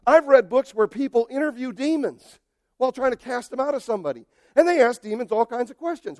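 Animated, high-voiced preacher, man. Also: brisk, dry recording, studio quality. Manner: emphatic and animated, swinging between soft asides and loud outbursts; addresses the congregation directly and conversationally. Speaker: pastor. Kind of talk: sermon.

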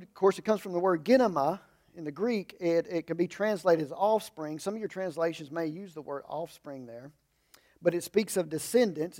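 A man preaching a conversational sermon. He explains in a folksy way with humorous asides, and he moves between emphatic raised lines and low, quiet remarks.

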